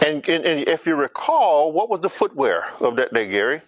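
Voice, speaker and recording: A man's voice: fairly high pitch, big pitch swings, moderate pace, no room sound. A man preaching a sermon, questioning the congregation and acting out scripture scenes.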